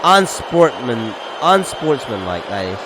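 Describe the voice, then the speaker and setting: A man's voice: medium pitch, sing-song, slow pace, a crowd in the background, noisy background. A young man hosting a podcast, ranting and swearing as he comments on video clips, repeating "look" and "okay". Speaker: podcast host.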